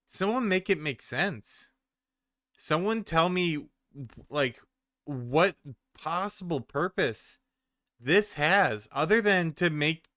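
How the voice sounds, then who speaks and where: A man's voice: on the high side, sharp tone, no room sound, studio quality. A man in his forties doing reaction commentary, ranting in exasperation with plenty of profanity. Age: 40s. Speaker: commentary streamer.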